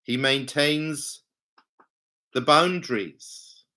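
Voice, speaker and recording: A man preaching a Bible study sermon, teaching slowly and emphatically and letting his pitch swing widely on key words. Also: bright, forceful tone.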